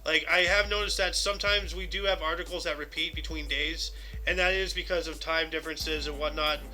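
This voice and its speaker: A man hosts a laid-back podcast and reads out history facts. He wanders into jokes and quick asides. His voice sits high and sounds very bright and sharp. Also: steady tone. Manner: joking, rambling, quick asides. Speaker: podcast host. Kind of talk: casual chat reading history facts.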